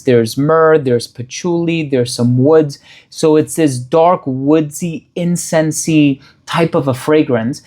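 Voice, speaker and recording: A man reviewing a fragrance in a casual product-review style, describing scent notes in a measured, appreciative way. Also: a little high, darkish tone.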